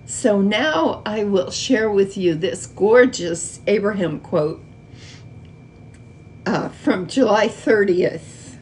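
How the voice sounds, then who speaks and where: A woman leads a guided meditation and spiritual talk at an unhurried, lingering pace. Her voice sits at an ordinary middle pitch, and she speaks softly and soothingly. A faint hiss lies under her words. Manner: slow, soft, soothing delivery.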